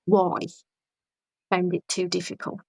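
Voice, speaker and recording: A woman guest on a podcast, chatting casually and telling stories in a blunt, animated way with frequent restarts. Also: lowish voice, takes it slowly, gravelly, dry recording, rough recording. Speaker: podcast guest, vegan activist.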